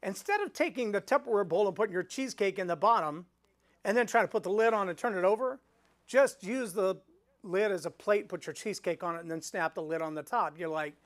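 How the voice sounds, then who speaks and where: In a live webinar, a middle-aged man who coaches speaking teaches storytelling, animatedly voicing the characters he quotes. His voice is high and his delivery fairly quick.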